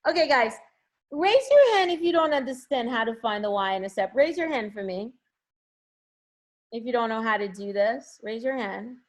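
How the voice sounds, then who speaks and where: A woman teaches an online class from home on a video call, her voice sitting a bit high. She talks through each step and keeps coaxing her students to answer in the chat. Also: expressive, moderate pace. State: has a headache.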